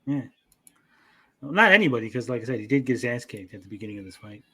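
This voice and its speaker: A man hosting a casual podcast chat, swearing freely and retelling scenes with quick quoted voices. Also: medium pitch, animated, bright, forceful tone. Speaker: podcast host.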